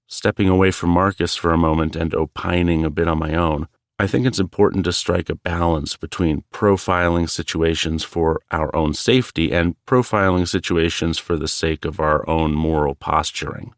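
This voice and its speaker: A man with a very low, deep voice hosts a solo podcast. He talks in a calm, measured and earnest way, and the recording is dry and close. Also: dry recording. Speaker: podcast host. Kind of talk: reflective solo podcast narration.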